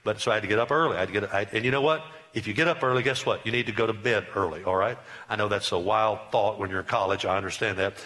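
Bright-voiced emphatic preacher. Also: male voice, lowish voice, very fast, few pauses. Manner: emphatic, repetitive preaching with rising bursts. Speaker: pastor. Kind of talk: sermon.

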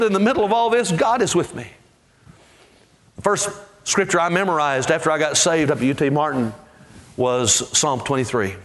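High-voiced passionate preacher man. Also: a bit bright. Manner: passionate preaching, rising and falling in intensity. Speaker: pastor. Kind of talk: sermon.

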